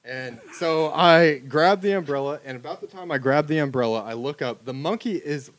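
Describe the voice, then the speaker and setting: A man telling a funny story in a casual chat, animated and laughing often. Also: on the high side, moderate pace, dry recording.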